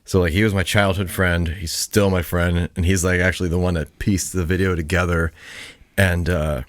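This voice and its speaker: A man with a very deep, low voice talks as a podcast guest, laid-back and rambling, peppering his stories with filler words and curses. The sound is dry and close-miked. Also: flat delivery, moderate pace, no room sound. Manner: laid-back storytelling, heavy swearing and filler "like". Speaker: guest author. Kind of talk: casual chat.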